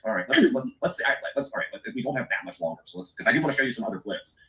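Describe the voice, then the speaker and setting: Man, livestream co-host, fast and animated delivery, incredulous. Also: mid-range voice, vocal fry. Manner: animated, incredulous, rambling with fillers. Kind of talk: casual live-stream commentary.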